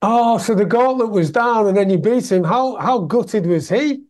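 A man's voice: sits high, normal speed, darkish tone. A man from Scotland hosting a casual interview, chatty and enthusiastic, laughing often. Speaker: podcast host.

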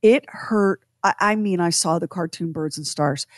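Animated middle-aged woman radio co-host. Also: lowish voice, normal speed, dry recording, studio quality. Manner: animated, acts out quotes in exaggerated voices, self-mocking. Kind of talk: casual storytelling on morning radio.

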